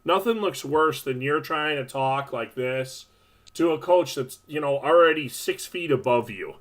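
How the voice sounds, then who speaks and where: A man's voice: fairly high pitch, a little slow. A man co-hosting a hockey referee talk show, giving direct, practical advice in a casual chat. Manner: direct, practical, matter-of-fact. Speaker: podcast co-host, hockey referee.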